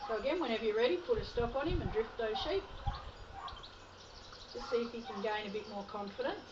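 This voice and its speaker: Calm Australian woman coaching a herding dog handler. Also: a little high, fairly quick. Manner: calm, encouraging, praises the dog often. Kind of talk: outdoor coaching instructions. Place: outdoor paddock with sheep and dogs. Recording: distant, roomy, dull, noisy outdoor audio.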